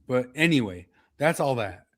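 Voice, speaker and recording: A man's voice: mid-range voice, sing-song, normal speed, fairly bright tone, no room sound. A man co-hosting a casual podcast, telling political stories with laughs and mimicking quotes. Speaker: podcast host.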